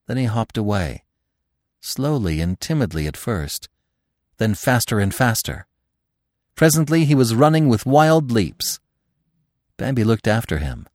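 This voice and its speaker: A man narrating a classic story as the podcast's reader, with an expressive, dramatic delivery. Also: mid-range voice, measured pace, long pauses, no room sound, clean studio sound. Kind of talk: audiobook storytelling.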